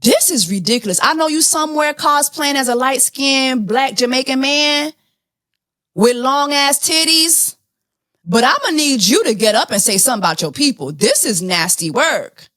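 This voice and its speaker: A woman's voice: high-pitched, moderate pace, no echo, clean studio sound. Blunt, profane woman podcast host. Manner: animated, blunt, profane ranting. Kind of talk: casual celebrity news chat.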